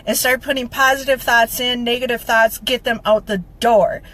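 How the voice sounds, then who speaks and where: A woman's voice: fairly high pitch, steady tone, normal speed, few pauses, fairly bright tone, rough recording. A woman talking straight to her viewers, emphatic and repetitive, close to tears as she rallies them. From Minnesota. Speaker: motivational vlogger. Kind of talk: heartfelt direct-to-camera update.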